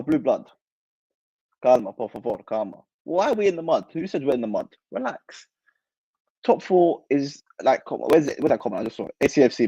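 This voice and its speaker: A man's voice: mid-range voice, mellow, no echo, muffled recording. A young man hosting a football channel, chatting casually and reacting animatedly to live comments in slang. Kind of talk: casual livestream chat.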